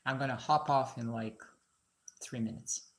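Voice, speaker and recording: A woman's voice: extremely low pitch, steady tone, unhurried. A woman from Moscow with no foreign accent, chatting and joking with viewers during a casual live stream from her garage. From Russia (Moscow). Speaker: live-stream host, musician and painter.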